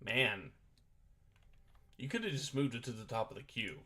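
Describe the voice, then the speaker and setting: A man's voice: medium pitch, expressive, moderate pace, bright, forceful tone, slightly rough. Man, casual stream chat, explaining game rules, hesitant, thinking aloud, desk mic, typing behind. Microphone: desk microphone at a computer.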